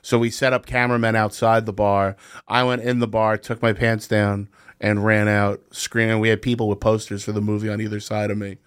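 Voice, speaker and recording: Smooth-voiced man telling crude stories. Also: on the low side, flat delivery, a little fast. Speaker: podcast co-host. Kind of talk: casual comedy chat.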